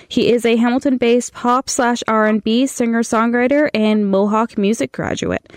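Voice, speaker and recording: A woman's voice: mid-range voice, no room sound, clean studio sound. A woman hosting a radio interview, her voice nasal and congested from a cold. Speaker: radio show host.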